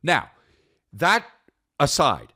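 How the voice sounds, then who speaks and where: A man co-hosting a podcast, telling a comedic story in an animated, profane, self-mocking way. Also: on the high side, very slow, slightly rough, no echo, clean studio sound. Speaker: podcast co-host.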